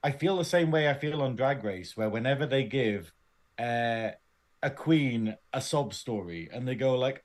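Man, podcast co-host, rambling chatty talk, mid-pitched voice. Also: lively intonation. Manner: rambling, chatty, quick to laugh, swears freely. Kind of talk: casual chat.

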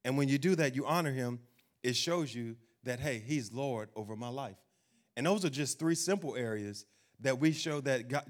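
A man preaching a sermon, emphatic, slowing down to read scripture. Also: medium pitch. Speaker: pastor.

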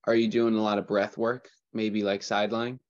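A low-voiced man speaks in a flat, even tone as a student, asking brief, hesitant questions. The sound is dry and muffled. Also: normal speed, dry recording.

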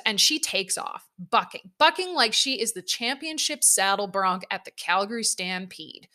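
A woman's voice: mid-range voice, bright, forceful tone. A young woman telling a casual personal anecdote, candid and self-mocking, swearing freely as she goes. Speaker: storyteller.

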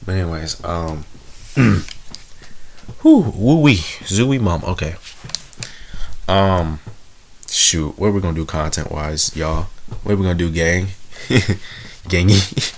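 A young man hosting his own podcast, chatting casually and rambling, correcting himself and chuckling at his own words. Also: low-pitched. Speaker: podcast host. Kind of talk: casual solo podcast chat.

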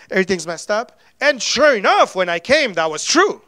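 A man preaching a sermon in a conversational way, with sudden swings between loud and soft. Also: high voice, very animated, a little fast, hardly any pauses, no echo. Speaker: pastor.

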